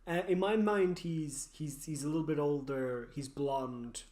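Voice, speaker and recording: A man's voice: a little high, darkish tone. A man co-hosting a podcast, chatting casually and often agreeing. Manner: agreeable, quick affirmations. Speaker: podcast co-host. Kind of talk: casual chat.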